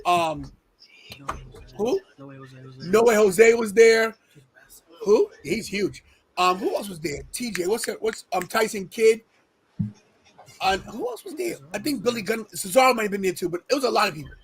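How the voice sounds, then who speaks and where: High-voiced man telling animated stories. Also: moderate pace, long pauses, rough recording. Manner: animated, exclamatory anecdotes. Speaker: podcast host. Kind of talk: casual chat, storytelling.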